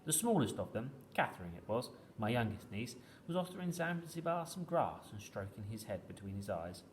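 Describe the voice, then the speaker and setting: A man reading a children's story aloud with steady, gently expressive storytelling. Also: lowish voice, normal speed, a little hiss or hum.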